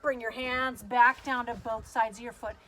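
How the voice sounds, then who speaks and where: A woman's voice: fairly high pitch, level tone, moderate pace, bright, forceful tone, a little hiss or hum. A woman leading a guided kids yoga class, cueing poses in an upbeat, playful way and making animal sounds.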